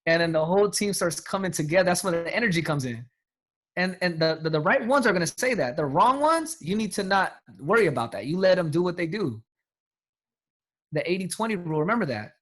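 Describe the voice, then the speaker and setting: A man's voice: high voice, lively intonation, a little fast, a bit bright. A man coaching his sales team on a call, talking emphatically in casual slang. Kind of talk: motivational talk on a team call.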